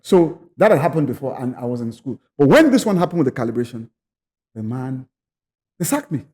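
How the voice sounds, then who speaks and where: A man from Nigeria, a podcast guest telling a personal story in a lively way, acting out other people's voices and sometimes repeating words. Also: medium pitch, brisk.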